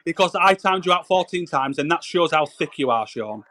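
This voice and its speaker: A man's voice: fairly high pitch, lively intonation, moderate pace, background noise. A man arguing heatedly on a live voice call, lecturing his opponent and repeating his name. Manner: combative, lecturing, repeats the other man's name. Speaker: chat moderator in a live stream argument. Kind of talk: heated live-stream argument.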